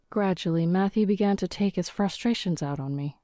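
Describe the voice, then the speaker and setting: A woman narrating a scripted first-person story in a calm, even manner. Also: fairly low pitch, fairly quick, dry recording, clean studio sound.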